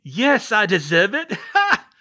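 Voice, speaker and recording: A man voicing a mad male dark wizard prisoner who taunts and cackles manically. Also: high voice, huge pitch swings, slow, voice pushed up, full character voice. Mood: gloating. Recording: dull lo-fi sound.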